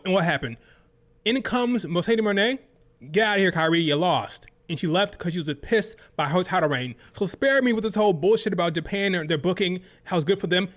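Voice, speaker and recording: A man hosting a live reaction stream, his voice sitting a touch high. He rants hotly and swears freely, sounding fed up as he answers his chat. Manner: heated, profane, exasperated ranting. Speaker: livestream host.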